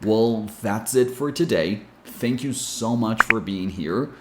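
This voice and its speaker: A man teaching English pronunciation, giving clear, deliberate explanations and spelling out sounds. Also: fairly low pitch, animated, background noise. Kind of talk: scripted lesson explanation. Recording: echoey room.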